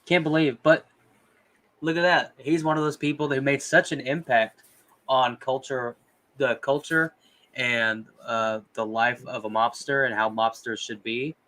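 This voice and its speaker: A man's voice: medium pitch, fairly even intonation, measured pace, pushed and bright. Chatty man cohosting a podcast. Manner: loose and chatty, casual swearing, many fillers. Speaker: podcast co-host. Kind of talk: casual podcast chat.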